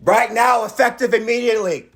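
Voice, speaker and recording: A man's voice: very high voice, a little fast, a bit bright. A man on speakerphone arguing insistently, repeating himself and talking over the other person. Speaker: caller. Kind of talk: heated phone argument.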